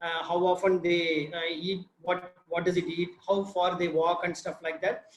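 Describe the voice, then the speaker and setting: A man with an Indian English accent, a field biologist telling his research story in an informal online session, animated and quizzing his listeners. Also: high-pitched, normal speed, a little hiss or hum. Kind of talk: informal talk on a video session. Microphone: video call. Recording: roomy echo.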